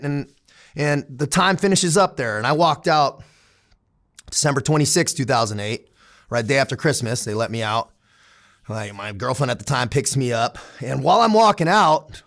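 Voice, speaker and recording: A man's voice: on the high side, a bit bright. A man from San Diego in his thirties, a guest telling candid, profane stories in casual conversation with frequent laughs. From San Diego, United States. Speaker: interview guest. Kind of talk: casual storytelling.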